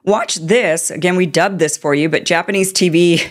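A woman's voice: lowish voice, steady tone, moderate pace. A woman hosting political commentary, talking in an indignant, sarcastic way. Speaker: commentary host.

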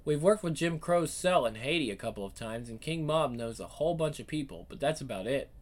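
A man's voice: medium pitch, lively intonation, a little fast, close to an everyday voice. A man doing a cool knowing secret agent woman.

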